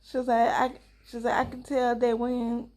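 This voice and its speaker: A woman's voice: a little high, completely flat delivery, normal speed, noisy background. A young woman, a married mother, casually telling a story to her viewers, chatty and acting out both sides of the conversation. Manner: chatty, addresses viewers as y'all, acts out dialogue. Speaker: vlogger and mother.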